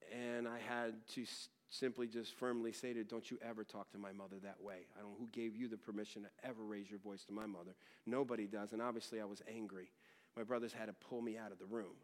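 A middle-aged man preaching a sermon. He swings from loud, emphatic teaching to hushed, personal storytelling, and speaks frankly with many restarts. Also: mid-range voice. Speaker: pastor.

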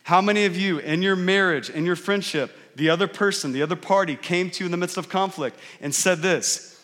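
Speaking fairly quickly in a high-pitched, somewhat bright voice, this pastor in his thirties preaches conversationally. Long hall reverb fills the recording as he frequently asks the crowd "right?" to check in with them.

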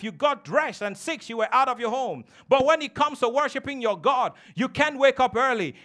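A man's voice: extremely high pitch, pushed and bright. A man preaching a sermon as a pastor, emphatic and teasing, calling on the congregation to respond.

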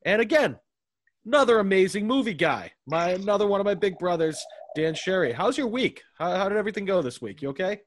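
A man's voice: high-pitched, very animated, a little fast, slight background noise. A man hosting a casual podcast chat with friends, rambling and stammering through restarts, a little tipsy. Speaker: podcast host.

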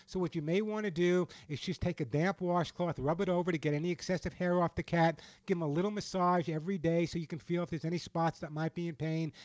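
A man hosting a call-in pet advice show, speaking with earnest, emotional reassurance. His voice sits fairly high and close to the mic with no room sound. The broadcast sounds dull and lo-fi. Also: darkish tone, no echo. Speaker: radio pet show host.

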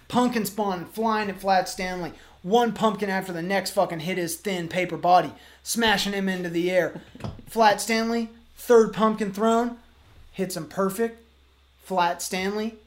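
Man rambling a profane absurd tale. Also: high voice. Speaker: podcast co-host. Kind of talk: improvised comedic storytelling.

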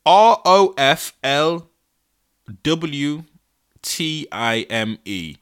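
Young male podcast host, bright voice, animated and exasperated, laughs often. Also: on the high side, drawn-out words, clear, resonant tone. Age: 20s. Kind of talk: casual solo podcast. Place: his bedroom.

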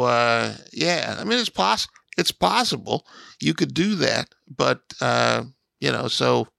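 A man's voice: mid-range voice, gravelly, sharp tone, no room sound. A middle-aged man co-hosting a sports radio show, reminiscing hesitantly with many fillers. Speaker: radio co-host. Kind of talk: casual sports radio talk.

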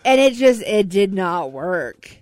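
Woman, radio co-host, teasing, laughs a lot, very animated, dry studio sound. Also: medium pitch, slow pace, no echo. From US Midwest. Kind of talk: casual radio banter. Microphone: studio mic.

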